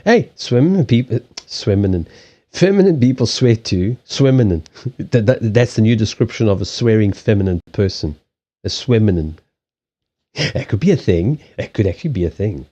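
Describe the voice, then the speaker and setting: The speaker is a man who reads cards on a live stream from a desk in a small home, using a desk microphone on a stand. His lowish, mellow voice has lively intonation and a moderate pace as he rambles, restarts and swears freely.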